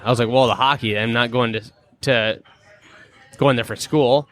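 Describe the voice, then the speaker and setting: Speaking at a normal speed with long pauses, this medium-pitched man is a Minnesotan in his thirties with a matching accent. As a guest and pro hockey player in a casual conversation, he tells stories with lots of energy, acting out whoever he's quoting.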